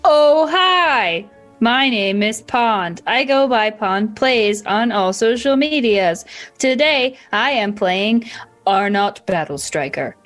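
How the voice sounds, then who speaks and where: Slow, giggly woman player. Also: mid-range voice, lively intonation, fairly bright tone, soft background music. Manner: giggly, rambling. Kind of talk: casual chat at a tabletop game.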